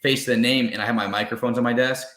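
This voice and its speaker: A man's voice: medium pitch, fairly even intonation, fast, a bit bright, roomy sound. A man talking as a guest in a casual interview, giving earnest, emphatic advice. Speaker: car sales guest.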